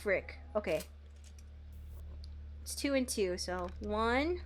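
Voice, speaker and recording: Slow-talking playful young woman streamer. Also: medium pitch, animated, a little hiss or hum. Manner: playful, swinging from loud outbursts to quiet mumbling. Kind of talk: casual gameplay commentary. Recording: faint game music behind.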